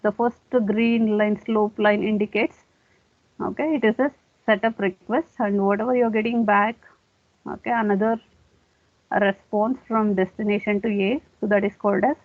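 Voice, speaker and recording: A woman's voice: medium pitch, fairly even intonation, normal speed, dry recording. A woman giving a classroom lecture, explaining step by step and often saying okay. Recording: dry, tinny phone-like sound.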